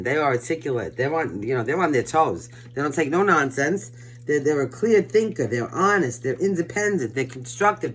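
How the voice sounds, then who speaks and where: A woman's voice: fairly low pitch, fairly bright tone. An older woman from Brooklyn with a New York accent, giving a casual collective tarot reading in a blunt, emphatic, pep-talk way. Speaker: tarot reader.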